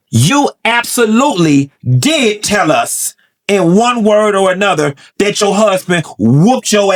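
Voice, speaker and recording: A man's voice: high voice, a bit bright. Sassy, profane male gossip host. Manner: sassy, blunt and profane ranting. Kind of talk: celebrity gossip commentary.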